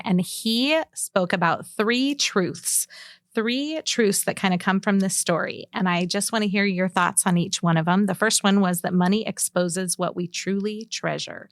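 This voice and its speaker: Woman podcast host, gravelly edge, chatty and light, close dry sound. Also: mid-range voice, dry recording. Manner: chatty, laughs easily. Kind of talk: casual podcast discussion.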